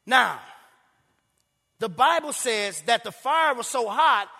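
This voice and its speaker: A man preaching a sermon in a church, impassioned and sing-song, rising to shouts. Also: extremely high pitch, expressive, slow. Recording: reverberant hall.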